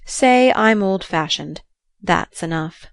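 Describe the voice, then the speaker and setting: A woman voicing a quiet, shy, wistful aging father who speaks slowly, softly and hesitantly, read in a dry, close sound for a storybook. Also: mid-range voice, expressive, no room sound. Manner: slow, soft and hesitant.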